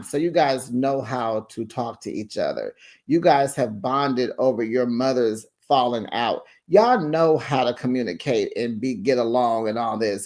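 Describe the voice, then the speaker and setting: A man hosting a reality TV recap in a sassy, animated gossip style, calling people baby and honey. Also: medium pitch. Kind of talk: casual recap commentary.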